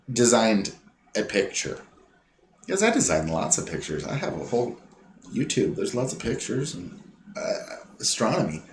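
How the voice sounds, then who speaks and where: A man's voice: mid-range voice, slight background noise. Scornful ranting man in echoey room. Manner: scornful, rambling, mocking impressions of others. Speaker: commentator. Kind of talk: ranting monologue. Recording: echoey room with faint ambience.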